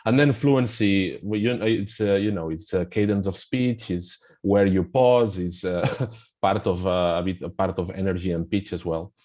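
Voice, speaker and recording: A man with a Spanish accent, a native Spanish speaker, explaining a pronunciation app in a webinar in a halting way with frequent restarts. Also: low voice, a little mellow. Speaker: guest presenting a pronunciation app.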